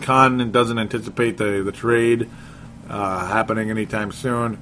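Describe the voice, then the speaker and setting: A man's voice: fairly low pitch, steady tone, measured pace, fairly bright tone, a little hiss or hum. A man hosting a casual sports podcast. He reads listener comments aloud and laughs often. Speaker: podcast host.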